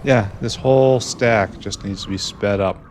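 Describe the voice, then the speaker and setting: Low-voiced guy mumbling thru his game, slow and dry, faint hum behind. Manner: musing, talks to himself, dry self-mockery. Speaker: gameplay streamer. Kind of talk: casual commentary.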